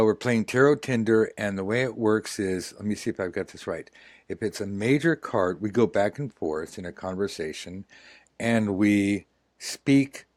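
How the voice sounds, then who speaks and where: A low-pitched man hosts a playful tarot role-play game. He rambles through joking stories in an easy, offhand way, and his voice sounds close and dry with no room behind it. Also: a little mellow, dry recording. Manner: jokey, rambling, breaks into laughter. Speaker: host of a tarot lesson.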